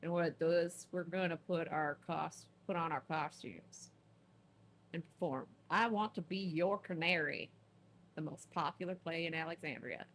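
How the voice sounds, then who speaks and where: A woman reading a game's dialogue aloud, playing a gruff male thief leader with a put-on Southern American accent and a lowered, hammy voice. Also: moderate pace, slight background noise. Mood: bossy. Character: gruff middle-aged male leader of a thieves' band.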